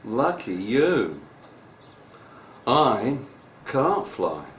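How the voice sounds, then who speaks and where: A man's voice: mid-range voice, sing-song, extremely slow, a bit bright, reverberant, a little hiss or hum, pitched below the performer's own voice, exaggerated voice. A man doing a vain, preening peacock. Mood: wistful. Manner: showy, preening storybook voice. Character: vain, proud peacock who cannot fly.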